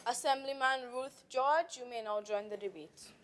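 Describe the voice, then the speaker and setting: A woman acting as presiding officer, chairing proceedings in a formal, steady, procedural manner. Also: on the high side, moderate pace, a little hiss or hum.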